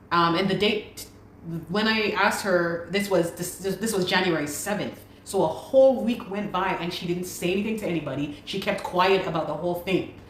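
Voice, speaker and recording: A woman giving an earnest, urgent personal account and often repeating her pleas. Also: on the low side. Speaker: guest telling her story. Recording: roomy recording with faint background noise.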